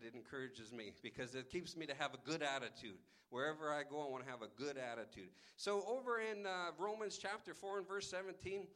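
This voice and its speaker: A man's voice: high voice, a bit bright. A male pastor preaching a sermon with emphatic, call-and-response delivery. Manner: emphatic, calls out "Amen?" to the congregation.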